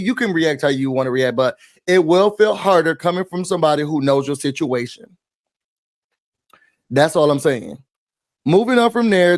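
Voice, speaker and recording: A man talks through a reality show recap in a loose, opinionated rant, full of slang and fillers. His voice sits a little high for a man. The sound is dry and close, with no room echo. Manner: chatty, opinionated, slangy storytelling with frequent fillers.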